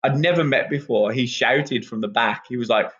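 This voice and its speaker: A wrestler, relaxed and rambling with lots of ums, chatting as a guest on a podcast. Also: male voice, medium pitch, moderate pace. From England. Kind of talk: casual podcast interview. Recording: muffled lo-fi sound.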